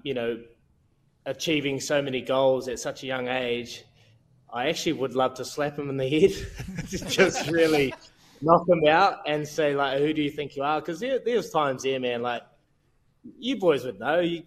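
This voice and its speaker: A man in his thirties with a New Zealand accent, a podcast guest telling candid, self-mocking stories in laddish slang. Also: mid-range voice. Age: 30s. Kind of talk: casual storytelling chat.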